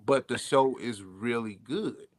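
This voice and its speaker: A man's voice: medium pitch, unhurried, crowd noise. A man co-hosting a podcast, riffing in a loose, chatty, profane way about movies and TV. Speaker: podcast co-host. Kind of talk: casual pop-culture chat.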